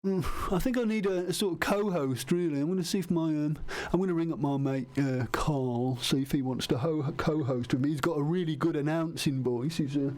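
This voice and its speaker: A man's voice: on the high side, fairly quick, hardly any pauses, a little mellow. A man hosting a comedy radio bit, hesitant and rambling with many restarts. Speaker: radio show co-host character. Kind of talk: improvised comedy sketch.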